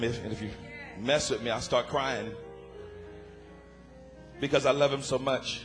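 A man's voice: mid-range voice, normal speed, long pauses, music in the background. A man speaking as a guest preacher from a church pulpit in an emphatic, repetitive preaching style, dotting his talk with amens. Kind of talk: sermon.

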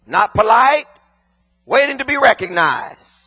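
A man preaching a sermon in a shouted, sing-song cadence, hammering repeated phrases and dropping to near whispers for emphasis. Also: extremely high pitch, big pitch swings, unhurried, vocal fry, breathy edge.

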